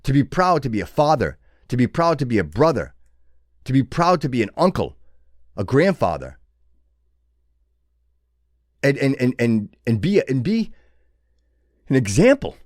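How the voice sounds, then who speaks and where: A male host in full sermon-like flow, exhorting his listeners with fervent conviction. His pitch swings widely from low to high as he drives each point home, stumbling through restarts along the way. The sound is dry and close, with no room around it. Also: big pitch swings, measured pace, pauses often, no echo. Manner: preachy, builds to fervent exhortation with many restarts. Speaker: show host. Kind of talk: impassioned motivational monologue.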